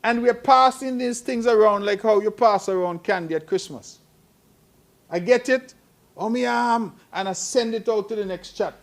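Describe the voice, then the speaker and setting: A middle-aged head of government addresses a press conference at normal speed in a high-pitched voice. He admonishes earnestly, becoming more emphatic as he goes.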